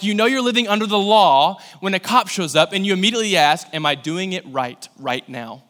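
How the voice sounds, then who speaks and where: A young man giving a sermon as pastor, talking in a conversational way and acting out little scenes as he tells stories. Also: high voice. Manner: conversational, animated storytelling with acted-out asides. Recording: long hall reverb.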